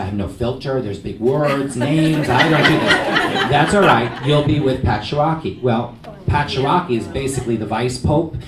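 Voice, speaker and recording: A man from New York City, a TV news anchor, giving a humorous, self-deprecating storytelling speech at a luncheon. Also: medium pitch. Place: restaurant event hall with a lunch audience. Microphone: venue microphone. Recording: echoey hall, far from mic, crowd and noise.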